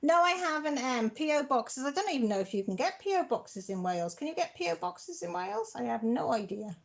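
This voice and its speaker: A woman chats casually on a live stream from her craft table at home. Her voice sits a little high, and she talks in a chatty, warm-hearted way that is emotional and close to tears. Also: sing-song, brisk, creaky. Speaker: craft channel host.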